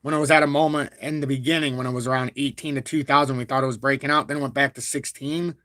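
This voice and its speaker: A man hosting a crypto live stream, talking at length in a blunt, calm and even tone while reading out viewer super chats. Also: medium pitch, quick pace, no echo, studio quality. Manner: talkative and blunt, reads super chats aloud; calm, even-toned delivery even when annoyed. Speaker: crypto livestream host. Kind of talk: live-stream market commentary.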